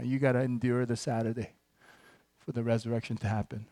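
A man preaching a sermon as pastor, moving between relaxed, joking asides to the congregation and emphatic, building declarations. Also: mid-range voice, fairly quick, dry recording, clean studio sound. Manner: conversational and joking, with sudden emphatic bursts.

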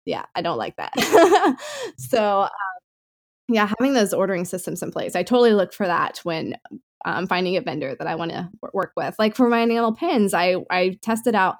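A woman co-hosting a podcast in casual, easygoing chat. She rambles in an upbeat way and leans on fillers as she talks. Her pitch sits in an ordinary middle range. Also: big pitch swings, moderate pace. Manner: chatty, filler-heavy, upbeat. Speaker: podcast co-host.

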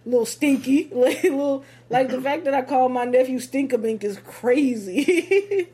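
High-voiced laughing woman podcaster. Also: unhurried. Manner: laughs constantly, slangy and animated. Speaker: podcast co-host. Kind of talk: casual chat.

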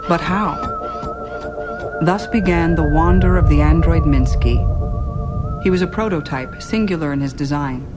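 A woman giving measured storybook narration in a film clip. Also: deep voice, wildly swooping pitch. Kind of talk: scripted narration. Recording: film clip under loud theremin music.

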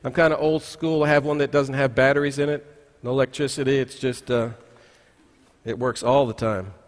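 A man's voice: mid-range voice, steady tone, normal speed. A man, a pastor, preaching a conversational sermon in a church sanctuary, telling folksy stories with frequent "uh" restarts. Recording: long reverb of a large church hall.

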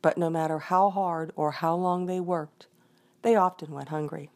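A woman reading a folk tale aloud in an expressive storytelling manner. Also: sits low, normal speed. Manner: expressive, voices the characters.

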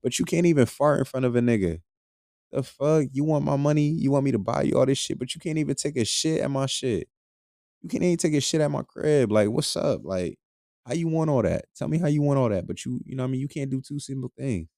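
A man's voice: medium pitch, animated, fast, creaky, dark tone, no room sound, studio quality. A man hosting a podcast, ranting crudely and jokingly in a loose, rambling way, laughing often. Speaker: podcast host. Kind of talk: casual podcast rant.

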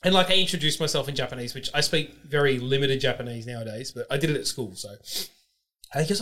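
A man telling excited stories in casual chat, swearing freely and using lots of fillers. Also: on the high side, very fast. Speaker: podcast guest.

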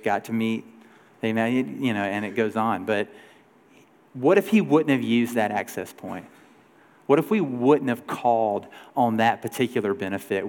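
Conversational preacher in a reverberant hall. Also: male voice, mid-range voice. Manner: conversational storytelling, shifts pace and loudness. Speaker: pastor. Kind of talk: sermon.

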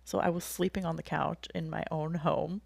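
A woman's voice: deep voice, level tone, moderate pace, gravelly, husky, no echo. A young woman telling a personal story in casual conversation, candid and emotional, often laughing as she speaks.

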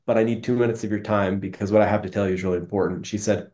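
Low, mellow-voiced man telling stories. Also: steady tone, racing, hardly any pauses. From Utah, United States. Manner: earnest, conversational, frequent restarts. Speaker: interview guest, business executive. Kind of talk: reflective storytelling.

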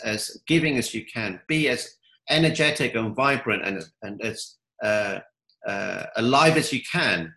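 A man's voice: mid-range voice, pushed and bright, roomy sound, rough recording. A man giving upbeat motivational answers in an interview, telling stories. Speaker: guest, coach.

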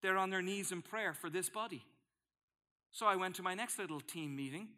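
High, bright-voiced male pastor. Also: brisk. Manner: storytelling with acted-out asides. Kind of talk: sermon.

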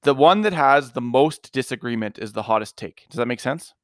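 A man's voice: mid-range voice, expressive, fairly quick, dry recording, studio quality. A man co-hosting a casual podcast, talking emphatically and getting worked up over small opinions. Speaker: podcast co-host. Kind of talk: casual chat.

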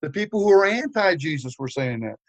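Animated older man telling a sermon story. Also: on the high side, a little fast, no room sound. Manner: animated, humorous, many fillers and restarts. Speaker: preacher.

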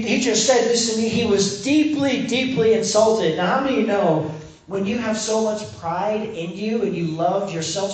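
High-voiced preacher man in an echoey room. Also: a little mellow, a little hiss or hum. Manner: storytelling, acts out quotes with a raised voice. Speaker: campus minister. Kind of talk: sermon.

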